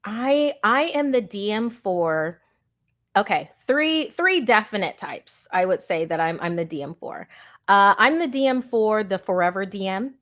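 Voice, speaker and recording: A woman dungeon master from the USA, talking about her games in an animated, enthusiastic interview chat, often repeating words as she starts a thought. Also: medium pitch, unhurried.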